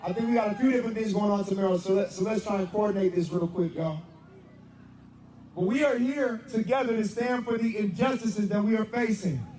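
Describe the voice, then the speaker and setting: A man's voice: high voice, a little fast, roomy sound. A man leading a street protest, giving a rally speech and calling out chants for the crowd to answer. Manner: shouting, repeats "am I right or am I right". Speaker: protest leader. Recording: distant voice in a loud street crowd. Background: loud crowd noise.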